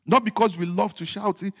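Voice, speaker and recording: A man preaching a sermon as pastor, repeating his points emphatically and moving between loud declarations and hushed, joking asides. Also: high-pitched, steady tone, normal speed, breathy edge. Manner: humorous asides with chuckles. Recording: long hall reverb.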